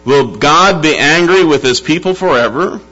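A man preaching a sermon to his church, emphatic, slowing down to stress key words and calling out to the congregation. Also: a little high, expressive, sharp tone. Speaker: pastor. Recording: dull lo-fi sound with faint music and hum.

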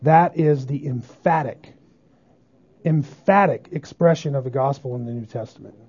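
A pastor preaching a sermon emphatically, often asking the congregation whether they agree. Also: male voice, mid-range voice, normal speed, darkish tone, breathy edge. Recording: dull lo-fi sermon recording.

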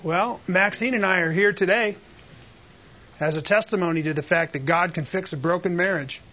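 A man leads a church Bible lesson, preaching and putting questions to the room. His voice sits high and comes across bright. The recording is a bit dull and lo-fi. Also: normal speed. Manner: preacherly, asks the group questions. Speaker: Bible teacher. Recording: dull lo-fi sound.

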